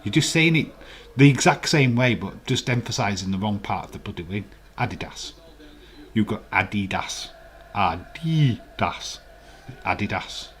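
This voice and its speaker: A man's voice: lowish voice, normal speed, slight background noise. A man with a Yorkshire accent, hosting a live watch-along stream and chatting casually, teasing viewers in the chat. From England.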